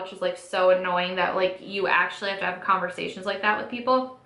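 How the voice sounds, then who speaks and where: A woman's voice: mid-range voice, steady tone, brisk, pushed and bright. A woman in her twenties telling a casual storytime while doing her makeup, chatty, says "like" constantly and acts out quotes. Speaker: beauty vlogger. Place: home room, sitting at a makeup setup. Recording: echoey room.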